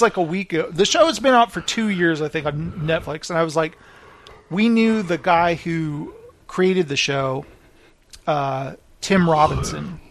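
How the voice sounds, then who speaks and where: Male podcast host, high voice, casual rambling storyteller. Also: no room sound. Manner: animated, rambling storyteller who laughs often. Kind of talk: casual chat.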